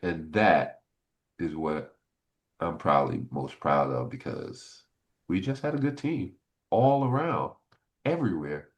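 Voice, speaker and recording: A man's voice: deep voice, unhurried, pauses often. A man in his sixties, a former pro football player, telling stories in an interview and acting out old conversations. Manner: animated, acts out old conversations. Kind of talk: casual interview storytelling.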